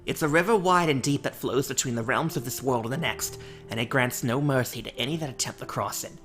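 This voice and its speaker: A man voicing a fierce, foul-mouthed old grandmother who is protective of her granddaughter and speaks in a gruff, blunt, folksy way. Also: medium pitch, brisk, a bit bright, soft background music, close to an everyday voice. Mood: stern.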